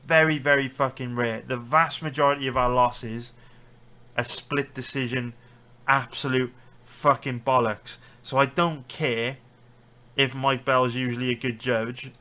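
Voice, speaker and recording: A man's voice: medium pitch, fairly even intonation, measured pace, sharp tone. A man with a British accent, a sports betting streamer, ranting heatedly and swearing through live stream commentary. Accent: British English.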